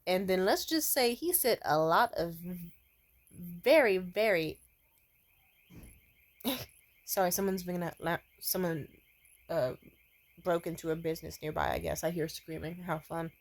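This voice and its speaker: A woman's voice: on the low side, a little slow, pauses often. A young woman chats through a storytime vlog, rambling and looping back on herself with plenty of fillers. She swears bluntly and breaks into laughter often, her tone loose and unpolished. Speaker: vlogger.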